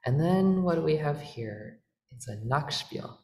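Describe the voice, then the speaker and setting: Guy with a gravelly voice teaching organ stuff, patient, lots of ums, echoey church sound, organ playing. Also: fairly high pitch, animated, a little slow, a little mellow. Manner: patient, explanatory, with frequent fillers and self-corrections. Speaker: organ workshop presenter. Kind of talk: teaching music theory at the organ.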